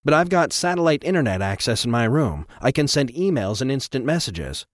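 A man's voice: medium pitch, big pitch swings, no room sound, studio quality, lightly acted. A man voicing a jittery, joking insider. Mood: anxious. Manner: quick, jokey and a little anxious.

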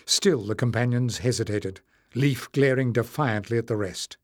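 Sex: man. Role: steady audiobook narrator. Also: medium pitch, moderate pace, no echo, studio quality. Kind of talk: scripted narration.

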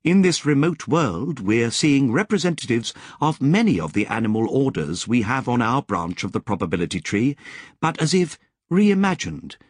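A man voicing a calm, knowing male guide in an audiobook, who talks in measured, lecturing explanations. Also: mid-range voice, husky, dry recording, studio quality, pitched above the performer's own voice. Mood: explaining.

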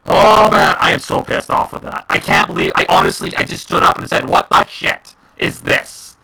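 Angry podcast co-host; high, gravelly, sharp voice; swears through heated rants. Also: male voice, expressive, brisk, rough recording. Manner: heated, profane ranting. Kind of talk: casual gaming podcast chat.

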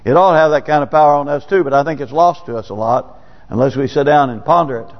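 A man's voice: a little high, fast. A man preaching a sermon in a church, talking in a folksy, conversational way with sudden rises. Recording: dull, lo-fi church recording with long reverb.

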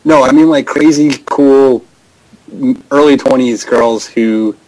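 A young man co-hosts a casual prank call show. He rambles through long anecdotes in an average-pitched voice and chuckles as he goes. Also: slow, darkish tone, rough recording. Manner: rambling storyteller, chuckles often. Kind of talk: casual chat.

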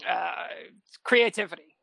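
A man's voice: high-pitched, measured pace, creaky, bright, forceful tone, dry recording, clean studio sound. A man chatting as a podcast guest, rambling with many hesitations and self-deprecating humor. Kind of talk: casual podcast chat.

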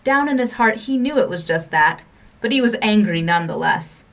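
A woman hosting a radio storytelling program, reading a story with expressive narration. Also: medium pitch, moderate pace, far from the mic. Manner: expressive, shifting pace and volume with the drama.

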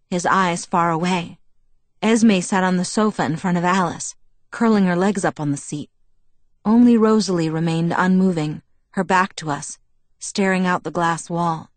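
A woman reading a story aloud in first person, in even, measured narration. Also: on the low side, no echo. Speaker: audiobook narrator.

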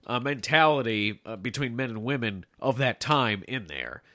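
A man's voice: medium pitch, lively intonation, normal speed, pushed and bright, no echo. A young man co-hosting a podcast in casual chat, laughing often and trailing off mid-sentence. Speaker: podcast co-host.

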